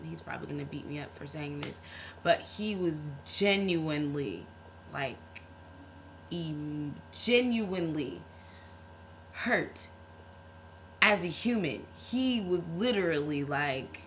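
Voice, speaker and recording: A woman's voice: sits low, animated, slow, pauses often, fairly bright tone, slight background noise, low-quality recording. A young woman talking to camera in a casual vlog, earnest and heartfelt, rambling with lots of fillers. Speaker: vlogger.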